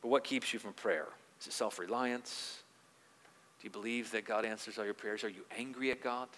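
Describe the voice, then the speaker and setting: A man preaching a sermon in an earnest manner. He grows louder when he quotes scripture and drops soft on quieter points. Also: on the low side, fairly even intonation, moderate pace, big-room sound. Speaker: pastor.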